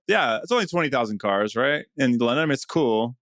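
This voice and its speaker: A man's voice: mid-range voice, animated, a little fast, fairly bright tone, no room sound. A man co-hosting a podcast in casual chat, teasing and joking. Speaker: podcast co-host. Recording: dry close sound.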